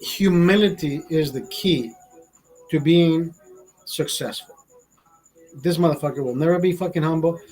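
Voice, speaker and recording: Forties Honduran man with a raised, breathy voice and a profane, indignant ranting delivery. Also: on the high side, measured pace, pauses often, darkish tone, low-quality recording. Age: 40s. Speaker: vlogger. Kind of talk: casual ranting monologue.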